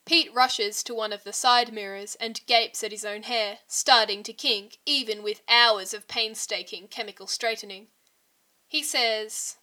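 Woman reading fanfic out loud, bright clear voice, does all the guys herself. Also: on the high side, fairly even intonation, unhurried. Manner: reads all the characters herself with small voice shifts. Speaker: fanfiction reader. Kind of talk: audiobook narration.

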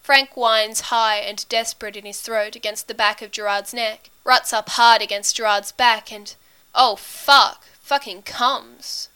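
A woman narrating a story as an audiobook reader, in a steady, intimate storytelling manner. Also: on the high side, normal speed, hardly any pauses, smooth.

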